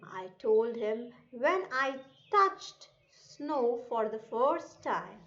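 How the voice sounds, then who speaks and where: A woman teacher with an Indian accent reads a children's passage aloud, repeating each line. She talks slowly and deliberately, spelling out words and stressing sounds. The voice sits a bit high and the recording is dull and lo-fi. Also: animated, fairly bright tone. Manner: slow, careful pronunciation drills. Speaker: English teacher. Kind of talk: reading lesson for children.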